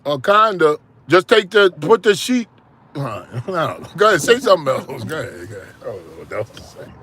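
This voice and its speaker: A man's voice: a little high, very animated, fairly quick, fairly bright tone. A man hosting a call-in show, joking and laughing through casual phone banter.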